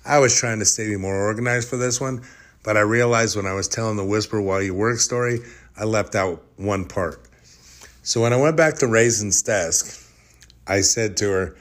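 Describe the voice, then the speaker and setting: Low-voiced man rambling through podcast stories. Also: normal speed. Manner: rambling, jokey, self-deprecating. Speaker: podcast host. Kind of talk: casual storytelling monologue.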